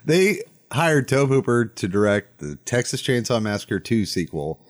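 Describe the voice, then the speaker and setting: A man's voice: mid-range voice, normal speed. A man co-hosting a casual movie podcast, joking and swearing freely. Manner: lively, profane, joking.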